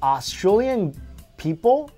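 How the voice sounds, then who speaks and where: A man from the United States co-hosting a casual chat, playful and lively, laughing along. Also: high-pitched, slow pace, soft background music. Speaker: co-host.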